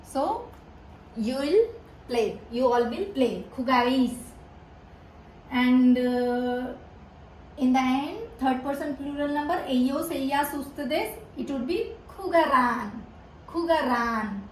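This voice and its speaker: A woman's voice: high-pitched, lively intonation, slow, darkish tone. A woman tutoring a grammar lesson, repeating each word several times, with many fillers and restarts. Her first language is Hindi. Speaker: Spanish tutor. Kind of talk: slow, repetitive grammar lesson. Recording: echoey room with faint background noise.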